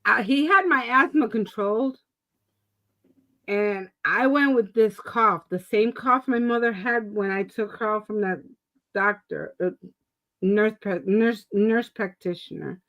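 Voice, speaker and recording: A woman's voice: mid-range voice, a little slow, muffled recording. A middle-aged woman co-hosting a casual talk stream, telling a story with lots of laughter and acted-out quotes. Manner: animated storyteller, laughs often, acts out quotes. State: asthma and COPD.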